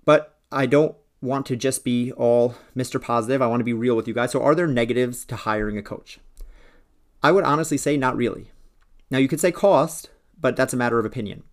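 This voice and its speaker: A man's voice: mid-range voice, brisk. A man hosting a solo podcast, speaking in an earnest, persuasive way about working with a coach. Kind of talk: solo motivational podcast talk.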